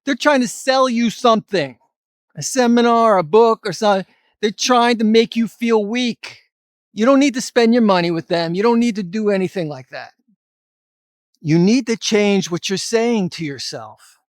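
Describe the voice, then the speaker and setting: A man's voice: sits high, animated, normal speed, no room sound, clean studio sound. A middle-aged man giving a blunt, emphatic motivational talk to camera as a fitness vlogger, with some mild cursing.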